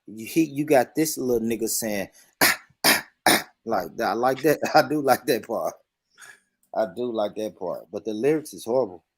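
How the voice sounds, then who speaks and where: Laughing Southern American man, animated. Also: on the low side, normal speed, husky, dry recording. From Southern United States. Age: middle-aged. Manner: laughs often, animated and playful. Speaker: host. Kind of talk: casual panel chat.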